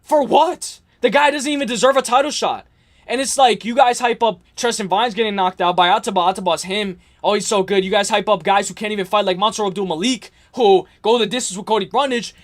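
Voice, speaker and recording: A young man with a high-pitched voice hosts a livestream. He rants heatedly about fights, swears a lot and repeats his points, and his voice rises into yelling at times. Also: fairly even intonation, quick pace, hardly any pauses. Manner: ranting, repetitive, profane, yelling at times. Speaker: livestream host.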